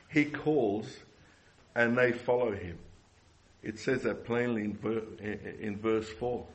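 A man's voice: fairly low pitch, dull audio. A man preaching a sermon earnestly, repeating phrases and asking the congregation rhetorical questions.

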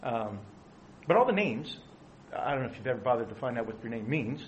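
A man's voice: mid-range voice, sing-song, brisk, highs cut off, slight background noise. A middle-aged man preaching a conversational sermon, asking his listeners questions. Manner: conversational, asks the audience questions. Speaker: pastor.

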